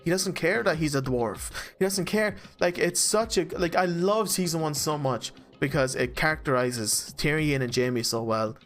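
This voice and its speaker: A man in casual chat over a voice call, rambling and excitable, swearing and laughing often. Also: on the high side, moderate pace, few pauses, soft background music. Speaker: let's play co-host. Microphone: voice chat mic.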